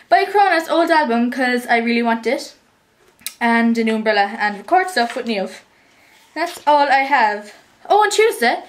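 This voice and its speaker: A woman's voice: high-pitched, a bit bright. A teenage girl with an Irish accent chatting to the camera in a casual, rambling and upbeat way. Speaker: vlogger.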